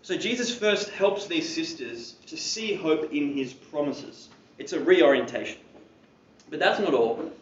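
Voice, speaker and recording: A man delivers a sermon in a church hall, keeping it conversational with casual asides. His voice sits at an ordinary pitch and sounds set back from the mic, with a dull, muffled tone. A roomy echo and a faint hum of ambience surround him. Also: expressive, a little slow, far from the mic. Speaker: preacher.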